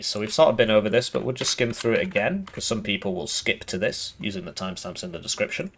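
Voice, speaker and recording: Gamer guy, lowish voice, deadpan and sarcastic, rambles a lot. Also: brisk. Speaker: gaming YouTuber. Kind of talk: casual game commentary.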